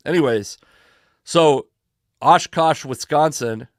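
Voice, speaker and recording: A man hosting a sports talk show, telling a long rambling story in a casual, animated way, full of restarts and swearing, worn out from no sleep. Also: fairly high pitch, takes it slowly, dry recording, clean studio sound. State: exhausted from no sleep.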